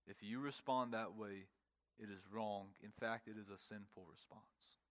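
A man preaching a sermon, emphatic, with pauses and repeated phrases, speaking to a congregation in a church. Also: on the low side, fairly even intonation, fairly bright tone. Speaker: pastor.

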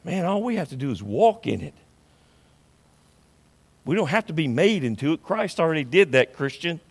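A man preaching a sermon as pastor in a church, emphatic, swinging between loud declarations and hushed asides. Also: on the high side, very animated, moderate pace, husky. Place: church sanctuary.

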